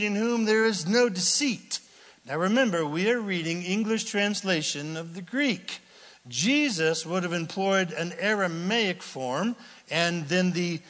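A man preaching a sermon, animated and casual, acting out Bible scenes in everyday voices. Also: sits high, long reverb tail. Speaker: pastor.

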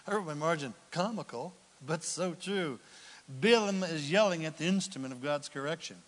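A man preaching a sermon, animated, swinging from loud lines to whispered asides. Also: a little high, moderate pace, big-room sound. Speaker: pastor.

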